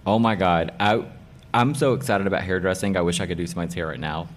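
A very low-voiced middle-aged hairdresser, who owns a salon, speaks fast as a guest in an informal interview about his work. He repeats key phrases with emphatic excitement, a faint hum of background noise underneath.

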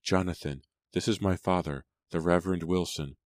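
A man's voice: sits low, steady tone, normal speed, no room sound, natural voice. A man doing a friendly young farm girl. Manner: friendly, soft.

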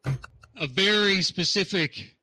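A man ribs his co-host with dry, sarcastic jokes in casual podcast talk. His voice sits high and sounds bright. The sound is dry and close. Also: slow, dry recording, poor audio. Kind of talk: casual chat.

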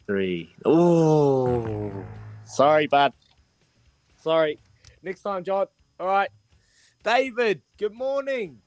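A man's voice: high-pitched, big pitch swings, slow, long pauses. A man hosting a breakfast radio quiz, cheery and matey as he counts down the answers.

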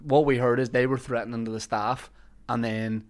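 Man, podcast host, casual chat, lively storytelling, mid-range voice. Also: medium pitch, moderate pace. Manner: animated storyteller, acts out overheard voices.

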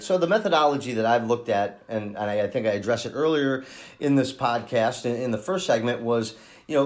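A man hosting a true-crime podcast, thinking aloud in a halting way with many restarts as he talks through a case. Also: medium pitch. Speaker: podcast host and case investigator.

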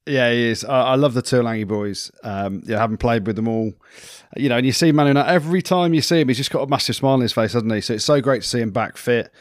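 An upbeat male co-host chatting keenly at a middling pitch. His voice is dry and close to the mic. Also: quick pace, few pauses, no room sound. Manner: enthusiastic, chatty. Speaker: podcast co-host. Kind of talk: casual banter.

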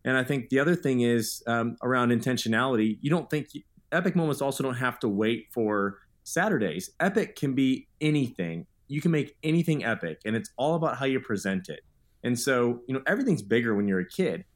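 A man's voice: mid-range voice, expressive, brisk. A man in his thirties, a guest author telling stories in an earnest, upbeat way in a podcast interview.

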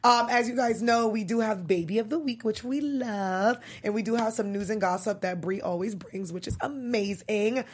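Young woman, show host, chatty, animated, casual recap talk, mid-pitched voice. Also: normal speed, hardly any pauses. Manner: chatty, animated, laughs often. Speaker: podcast host.

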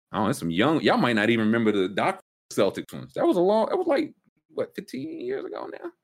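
A man hosting a casual sports talk show, ranting with big swings up in pitch when worked up. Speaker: sports podcast host.

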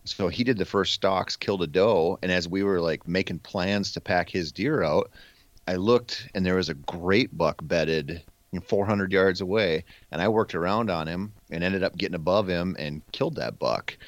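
A man with a very low voice tells relaxed hunting stories, slipping in "man" and "freaking". The sound is dry and a little dull, like a lo-fi podcast mic. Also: normal speed, no room sound. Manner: easygoing storyteller, says man and freaking. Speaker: podcast guest. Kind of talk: casual hunting talk.

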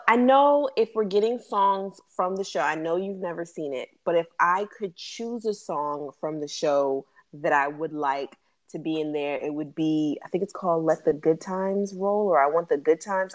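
A woman in her thirties with a low voice co-hosts a casual podcast. She talks in a chatty way, full of fillers and easy laughter. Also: moderate pace. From West Indies. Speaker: podcast co-host. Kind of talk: casual chat.

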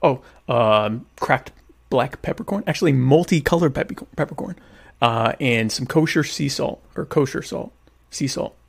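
Gravelly-voiced man joking with viewers. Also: mid-range voice. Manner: joking, self-mocking, teasing. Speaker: livestream host. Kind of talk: casual comedic chat with viewers. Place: home, at a meal.

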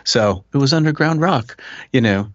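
A man talking as a guest on a podcast, speaking animatedly from home into a desk microphone. His pitch is mid-range, and the sound is dry and close. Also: normal speed, no room sound, highs cut off. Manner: animated, gestures while talking. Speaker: musician guest. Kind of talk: casual interview chat.

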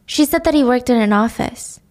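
A woman's voice: fairly high pitch, a little fast, a little mellow, close to an everyday voice. A woman voicing a confused, upset young woman of about twenty-five who pleads in a raised voice. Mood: puzzled.

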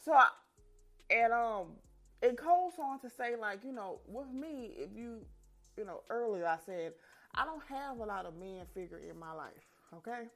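A young woman hosts her own show and tells a personal story straight to her listeners. Her voice is bright and forward. She talks frankly and animatedly, and she swears freely. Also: a little high, animated, normal speed, soft background music. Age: young adult.

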